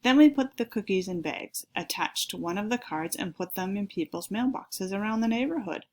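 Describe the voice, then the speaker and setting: A woman's voice: medium pitch, expressive, normal speed. A woman reading as a bossy, tattling sister. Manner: bossy, teasing.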